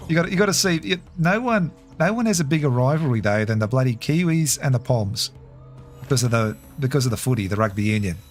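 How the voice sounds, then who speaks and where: A man's voice: medium pitch, lively intonation, fast talker, soft background music. A man with an Australian accent chatting casually with his livestream viewers while playing a game, laughing often. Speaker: game streamer.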